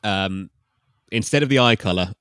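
Low-voiced man reading with wry asides. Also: normal speed, fairly bright tone, clear, resonant tone, no echo, clean studio sound. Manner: mock-dramatic, wry asides. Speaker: podcast host reading a novel aloud. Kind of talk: comic reading with banter.

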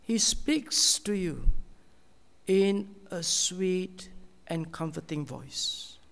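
Male pastor, sermon, high voice, gravelly edge, unhurried delivery, long hall reverb. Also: animated. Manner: slow, earnest preaching with many pauses, often dropping to a soft, hushed tone.

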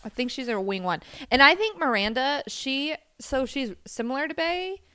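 A woman in casual chat with her sister, playful and quick to laugh. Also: high-pitched, animated, pushed and bright, clear, resonant tone, no room sound. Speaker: co-host sister.

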